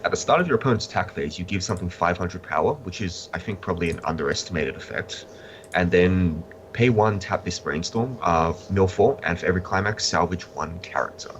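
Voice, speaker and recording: Deep-voiced blunt male card reviewer. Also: lively intonation, brisk, a little hiss or hum. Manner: blunt, opinionated, dry humor. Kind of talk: casual chat.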